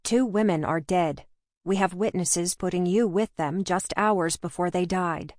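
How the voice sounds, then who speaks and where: A woman reading the part of a brisk, unflappable female police officer in an audiobook, speaking in a matter-of-fact way. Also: on the low side, a little mellow, dry recording, clean studio sound, lightly acted.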